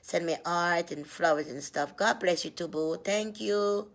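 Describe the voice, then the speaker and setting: A woman's voice: lowish voice, measured pace. A woman chatting casually with her viewers, teasing and laughing often.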